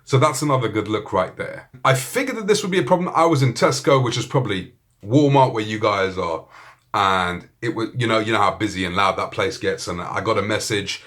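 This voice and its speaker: A man's voice: on the low side, lively intonation, a little fast, fairly bright tone. A man with a British accent giving a casual, joking gadget review, full of swearing and banter. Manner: profane, joking, laid-back. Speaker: tech reviewer.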